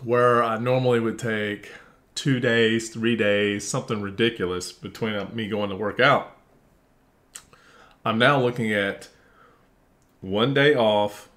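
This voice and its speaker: A man's voice: lowish voice, unhurried, pauses often. Man venting in a casual monologue. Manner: animated, mimics others in quoted voices, swears; frustrated and blunt when venting. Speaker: vlogger.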